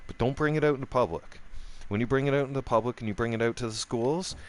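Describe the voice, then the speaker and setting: A middle-aged man telling a rambling, profane story in a casual vlog rant, restarting his sentences often. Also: quick pace. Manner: voice jumps up high when quoting himself. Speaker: gaming vlogger.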